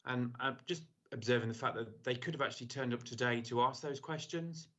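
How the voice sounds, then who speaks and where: A man's voice: medium pitch, brisk, fairly bright tone. A councillor, a man, making a matter-of-fact remark in a meeting. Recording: dull lo-fi video call audio.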